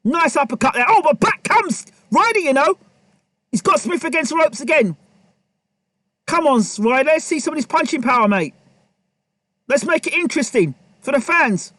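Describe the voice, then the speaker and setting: Calling boxing play-by-play live, this male commentator fires off each punch as it lands and excitedly, repetitively urges the fighters on, speaking directly to them. His voice is very high for a man; he talks at normal speed but pauses often, recorded close and dry with no room behind it.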